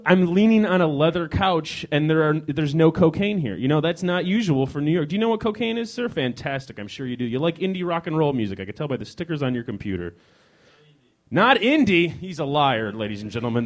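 Performing for a handful of people in a hostel lounge, this Chicago comedian leans against a leather couch while he rambles energetically. His voice is on the high side, and he ribs the audience, often cutting himself off mid-thought to start over.

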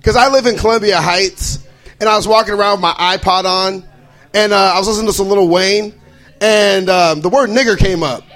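A man's voice: high voice, brisk, fairly bright tone, rough recording. A young adult man from Idaho performing a stand-up comedy set, bouncing into exaggerated character voices. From Boise, Idaho.

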